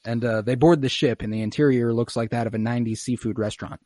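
A young man recapping an episode in casual chat, animated and laughing often, with plenty of swearing. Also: mid-range voice, quick pace, no echo. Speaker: podcast host recapping an episode.

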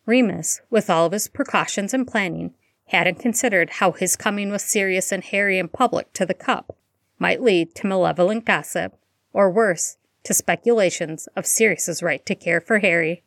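A woman's voice: mid-range voice, moderate pace, fairly bright tone, dry recording. Woman reading a story, dry and close. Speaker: audiobook reader. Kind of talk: reading fan fiction aloud.

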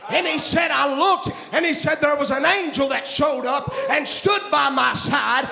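A man preaching a fervent revival sermon, shouting and chanting in a sing-song style. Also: very high voice, normal speed, vocal fry, over music, a crowd in the background. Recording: roomy echo.

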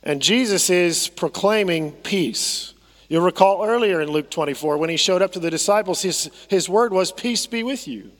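A man's voice: high voice, normal speed, in a large hall. A man preaching a sermon as pastor, conversational, often repeating phrases and asking the congregation to respond. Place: church sanctuary.

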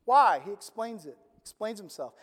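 A pastor preaching a sermon in a casual, conversational way, using slang and asking the crowd questions, swinging between loud emphasis and near-murmured lines. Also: medium pitch, animated, moderate pace. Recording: long echo of a large hall.

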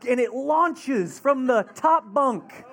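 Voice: high-pitched, lively intonation, slow pace, fairly bright tone. A pastor giving a sermon in a loose, conversational style. The delivery wanders into side stories and keeps an easygoing, talkative feel. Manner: conversational, rambling storytelling with laughs.

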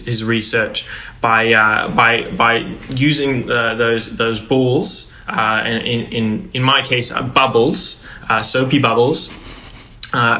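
A man with a bright, sharp voice spins a ridiculous story as a pretend scientist. He halts often, filling gaps with "uh", and keeps a deadpan delivery. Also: medium pitch, rough recording. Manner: halting, deadpan absurd storytelling. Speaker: improv player as fake scientist. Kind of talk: improvised comedy on a call.

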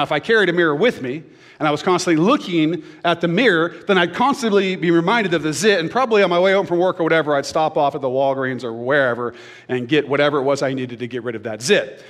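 A man's voice: on the high side, fairly bright tone, long reverb tail. A man preaching a sermon in a church, talking casually and joking with the congregation. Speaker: pastor. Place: church stage.

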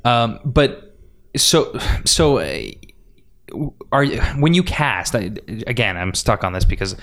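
A man hosting a casual podcast interview, asking questions in a halting way with frequent restarts. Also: medium pitch, expressive, fairly bright tone. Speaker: podcast host and filmmaker.

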